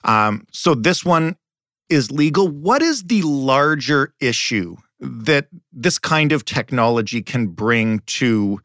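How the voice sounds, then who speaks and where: A man hosting a podcast interview, asking questions in a relaxed, slightly wry way. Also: medium pitch, slow pace, dry recording, studio quality. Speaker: podcast host.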